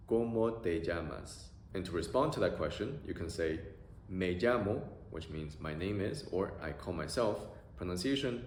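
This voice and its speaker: A man teaching beginner Spanish phrases, drilling pronunciation with slow, drawn-out vowel sounds. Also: deep voice, expressive. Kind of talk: beginner language lesson. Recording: echoey room with faint noise.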